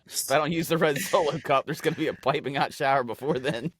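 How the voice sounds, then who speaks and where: A man's voice: a little high, fast talker, a bit bright. A man co-hosting a podcast, telling a rambling, profane, self-mocking story in casual chat. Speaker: podcast co-host.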